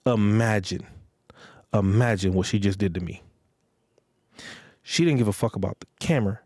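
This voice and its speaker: A man's voice: lowish voice, normal speed, a little mellow, no room sound, clean studio sound. Blunt, profane man lecturing. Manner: repeats phrases for emphasis. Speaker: podcast host. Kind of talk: relationship advice monologue.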